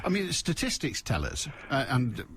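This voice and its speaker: Blunt radio host with a lively pitch. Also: male voice, moderate pace, slight background noise. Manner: blunt, forceful, emphatic. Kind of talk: opinionated radio talk.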